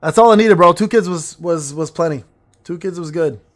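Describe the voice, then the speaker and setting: Speaking at a normal speed in a slightly high voice, a man streams his gameplay and reads viewer chat. Between plays he rambles and jokes crudely in relaxed livestream talk.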